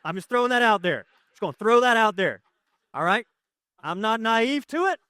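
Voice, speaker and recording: Male pastor, forties, lively conversational preacher with jokes at his own expense; fairly high voice, dry close sound. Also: normal speed, clean tone, no echo. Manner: animated, conversational, self-deprecating humor. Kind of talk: sermon with personal storytelling.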